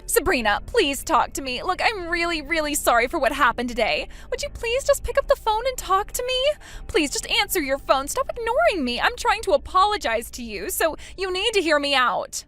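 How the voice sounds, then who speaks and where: A woman's voice: very high-pitched, big pitch swings, normal speed, fairly bright tone, faint music behind, heavily acted. A woman voicing a spiteful, whiny sister-in-law. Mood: pleading. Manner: mocking, pleading by turns. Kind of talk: texting story voice acting.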